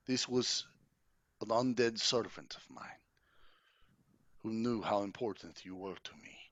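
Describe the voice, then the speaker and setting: A man voicing a smooth-talking undead vampire count who pleads in a courtly, hushed way, with music underneath. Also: on the low side, unhurried, dry recording, muffled recording. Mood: pleading.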